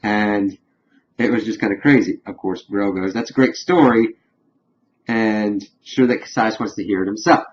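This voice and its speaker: A man with a fairly low voice retells a TV episode in a loose, rambling way, leaning on "of course" and half-quoting the characters. The recording is dull and lo-fi, with a faint hiss underneath. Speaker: TV episode reviewer. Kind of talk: casual recap of a TV episode.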